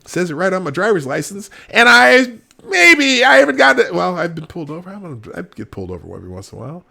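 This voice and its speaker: A man's voice: high voice, huge pitch swings, quick pace, vocal fry, pushed and bright. A middle-aged man hosting a live show, giving emphatic commentary with laughs. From Minnesota, United States. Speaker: host. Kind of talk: animated commentary.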